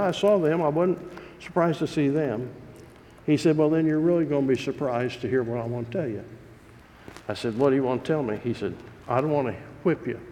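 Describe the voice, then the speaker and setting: A pastor preaching a sermon, telling stories in a folksy, earnest way. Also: male voice, a little high, darkish tone, a little hiss or hum. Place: church sanctuary. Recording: long reverb of a large hall.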